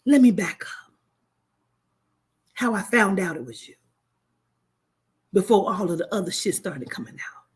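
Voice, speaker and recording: Husky-voiced woman telling a story bluntly. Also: medium pitch, animated, normal speed, long pauses. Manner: blunt, swearing, acts out quoted voices. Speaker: spiritual reader. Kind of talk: casual profane storytelling.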